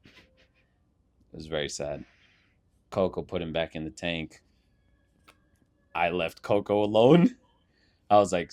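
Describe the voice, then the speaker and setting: Low-voiced and a little slow, with long pauses, a young podcast co-host tells stories into a handheld mic. The show is casual; he's animated, swears a lot, and acts out every scene.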